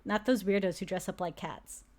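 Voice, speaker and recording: A woman's voice: mid-range voice, steady tone, moderate pace. A woman chatting playfully as she plays through a game, easily amused and giggly. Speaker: let's play host. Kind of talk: game commentary.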